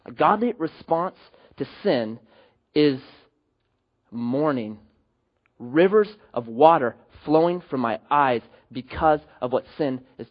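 A husky-voiced man delivers a sermon as a pastor, his voice sitting fairly high and swinging widely from loud emphatic peaks to quiet, low endings. The sound is dull and lo-fi.

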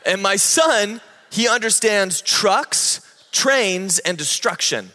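A man in his thirties preaching a sermon, telling the story with animated energy and acting out the people in it. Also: high voice, takes it slowly. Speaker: pastor. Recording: long hall reverb.

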